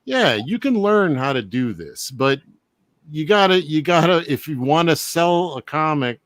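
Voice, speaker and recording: A man hosting a casual chat, relaxed and reflective, chuckling often. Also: on the high side, unhurried, no echo.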